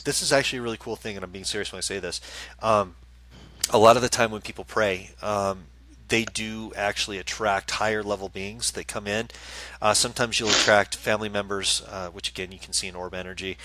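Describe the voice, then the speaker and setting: Male psychic co-host, chatty and stammering, lowish bright voice. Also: rough recording. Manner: rambling, stammering, joking. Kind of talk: casual live-stream chat.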